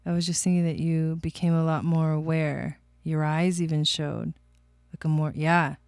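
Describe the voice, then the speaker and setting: A woman's voice: sits low, flat delivery, normal speed, a little mellow, clear, resonant tone, no echo. A woman doing casual livestream astrology and tarot readings, chatty, laughing often and talking to her viewers by name.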